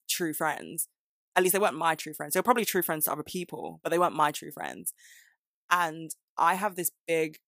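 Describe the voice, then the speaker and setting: A woman's voice: sits low, a bit bright, dry recording, clean studio sound. A young woman hosting her own podcast, talking candidly and rambling, with self-deprecating asides and frequent laughs. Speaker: podcast host. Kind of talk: casual solo podcast chat.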